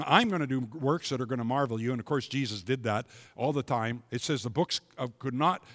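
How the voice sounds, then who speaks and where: Emphatic preacher in a reverberant church. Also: male voice, medium pitch. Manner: emphatic, rising to loud proclamations. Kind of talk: sermon. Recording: long hall reverb.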